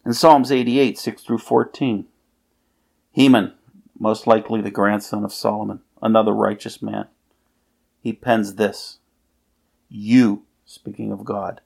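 Man, sermon, low voice, gravelly, earnest scripture reading. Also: steady tone, a little slow, pauses often, a little mellow. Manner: earnest, reads scripture aloud with emphasis. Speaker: preacher.

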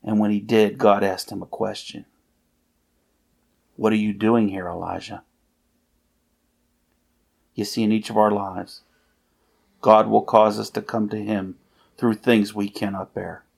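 A man delivers a sermon in a low, gravelly voice. He reads scripture with earnest emphasis, pausing on key phrases. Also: level tone. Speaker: preacher.

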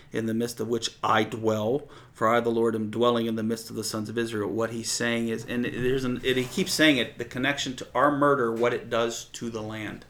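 A man's voice: medium pitch, creaky, fairly bright tone. A man teaching a sermon in a conversational way, reading verses aloud and explaining them with frequent fillers. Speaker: preacher.

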